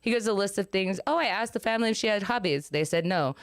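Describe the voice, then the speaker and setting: Smooth-voiced woman telling a funny story. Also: mid-range voice, fast, no echo, studio quality. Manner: animated, laughs often while telling a story. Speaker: podcast host. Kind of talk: casual storytelling chat.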